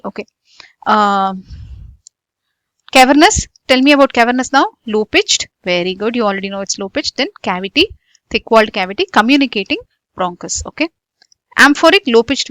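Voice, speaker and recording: A woman's voice: on the high side, a bit bright, no room sound. A woman with an Indian English accent teaching a medical exam lecture, repeating key points and quizzing students with frequent "okay" and "guys". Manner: repetitive, drilling students with questions and frequent "okay". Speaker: medical tutor.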